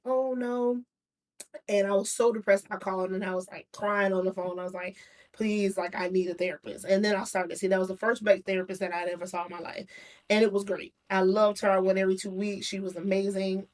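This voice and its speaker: A woman's voice: medium pitch, flat delivery, a little fast. A young adult woman, a guest, candidly telling a personal story in casual chat, with frequent laughs and restarts.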